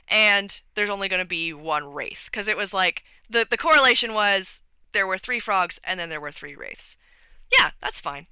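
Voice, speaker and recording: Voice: medium pitch, sharp tone, smooth, dry recording, poor audio. A streamer rambling through a casual recap of a tabletop game session, with lots of fillers and restarts.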